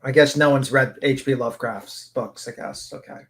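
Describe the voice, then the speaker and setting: A man in casual live-stream chat who rambles through long, thoughtful explanations. He swears now and then and speaks at a medium pitch. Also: fairly even intonation, moderate pace, crowd noise.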